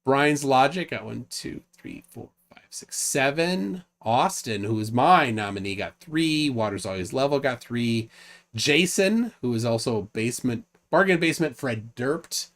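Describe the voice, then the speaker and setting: A man's voice: mid-range voice, expressive, a little slow, a bit bright. A man hosting a casual livestream call, reading out lists of nominations with frequent restarts. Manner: rambling, restarts, reads out lists. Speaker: livestream host.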